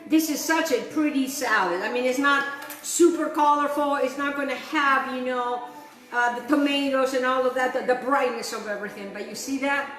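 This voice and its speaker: A woman's voice: sits high, fairly bright tone, reverberant. A middle-aged woman hosting a home cooking show, chatty and enthusiastic, with many fillers and asides. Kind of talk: casual cooking demonstration. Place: home kitchen.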